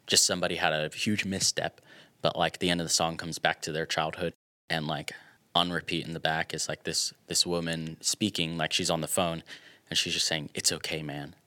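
A young man with a very low voice that still comes across bright and forward. He talks as a guest in a casual podcast chat. His speech is reflective and halting, with many fillers and restarts. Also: level tone. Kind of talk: casual conversation.

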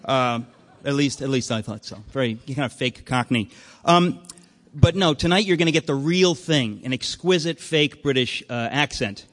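A male host opens a live evening event with rambling, deadpan jokes and lots of fillers. His voice sits at a middle pitch. It rings out with the long reverb of a hall through a PA. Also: normal speed. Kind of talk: comic live introduction.

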